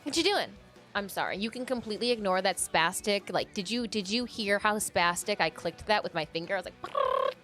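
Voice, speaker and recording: A woman's voice: medium pitch, expressive, fairly quick, fairly bright tone. A woman from Michigan streaming a game, chatting playfully with her viewers and reading out their names. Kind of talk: casual live-stream chat. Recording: faint game music behind.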